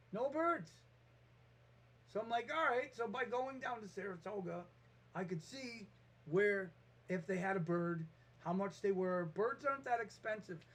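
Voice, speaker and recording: High-voiced man telling a rambling story. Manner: rambling, animated, restarts and acts out quotes. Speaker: vlogger. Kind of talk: casual storytelling monologue.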